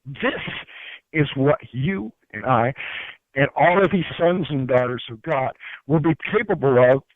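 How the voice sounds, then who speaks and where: A male guest teaches spiritual ideas earnestly and preachily, his slightly high voice animated but unhurried. He often repeats words while searching for them, and he's heard over a tinny, dry phone line with no echo.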